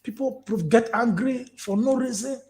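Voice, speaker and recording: A Nigerian man in his fifties with a Nigerian accent, an activist talking in an animated, storytelling way in an interview. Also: very high voice, normal speed. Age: 50s. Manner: animated, storytelling, repetitive emphasis. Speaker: activist guest. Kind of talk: conversational interview.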